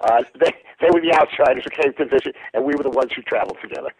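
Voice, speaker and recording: An older man, a former news reporter, telling anecdotes haltingly as an interview guest. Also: mid-range voice, breathy edge, dry recording, rough recording. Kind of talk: storytelling interview.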